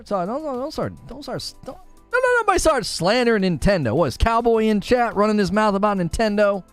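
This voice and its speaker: Young guy streamer from northern ohio, high bouncy voice, teasing chat and laughing, dry close mic, a little music behind. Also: big pitch swings, brisk, dry recording. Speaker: gaming streamer. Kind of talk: casual live-stream chat.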